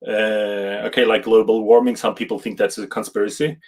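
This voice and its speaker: A man hosting a live show who reads out viewer comments and jokes around, talking haltingly with frequent restarts. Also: lowish voice, flat delivery, darkish tone. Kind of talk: casual live-stream chat, reading viewer comments.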